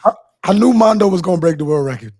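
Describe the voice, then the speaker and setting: High-voiced man, boastful and emphatic. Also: expressive, fast talker, mellow, slight background noise. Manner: boastful, laughing, emphatic repetition. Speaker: podcast co-host. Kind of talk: casual sports chat.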